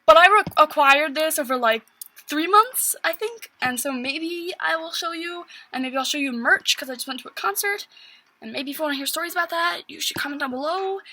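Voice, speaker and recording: A woman's voice: sits high, animated, brisk, sharp tone, low-quality recording. A teenage girl vlogging a casual story at home, rambling with lots of fillers. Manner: rambling, filler-heavy with constant "like".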